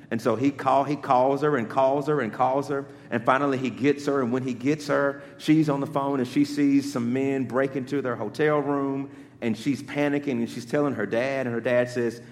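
A man's voice: mid-range voice, big-room sound, slight background noise. A male pastor preaching a sermon, building to urgent rhetorical questions.

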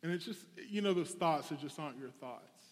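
A man's voice: a little high, lively intonation, fairly quick, a little mellow. A young adult man preaching a sermon, telling a personal story in a conversational, candid way. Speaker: pastor. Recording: long hall reverb.

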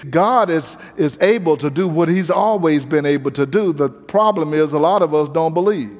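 A man preaching a sermon, moving from calm teaching into shouted, sing-song preaching. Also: fairly high pitch, moderate pace. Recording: long reverb of a large hall.

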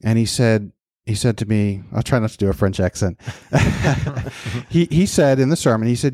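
A man in his fifties speaks reflectively on a podcast, stumbling and restarting as he thinks aloud. His voice is mellow and fairly low. The sound is dry and close. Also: moderate pace, no echo. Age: 50s. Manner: reflective, talks with many restarts. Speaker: podcast co-host. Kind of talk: casual podcast conversation.

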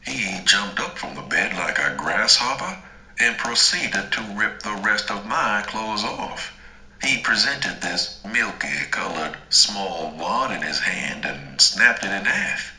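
A man narrating a first-person story in a slow, dramatic, deliberate way. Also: low-pitched, lively intonation, pushed and bright, echoey room, rough recording. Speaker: audiobook narrator.

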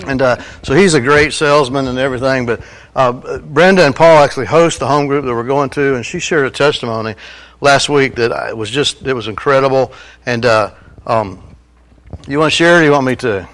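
A man's voice: mid-range voice, a little fast, fairly bright tone, rough recording. A man introducing a church member at a service in a folksy, encouraging way.

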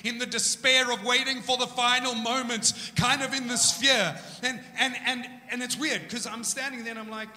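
Animated high-voiced man preaching in a hall. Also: moderate pace, few pauses. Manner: casual, joking, animated storytelling. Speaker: pastor. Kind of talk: sermon. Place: church. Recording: echoey church hall.

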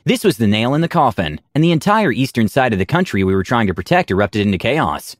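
A man's voice: mid-range voice, big pitch swings, fast talker, dry recording, clean studio sound. A man narrating a tabletop game story in a dramatic storytelling manner.

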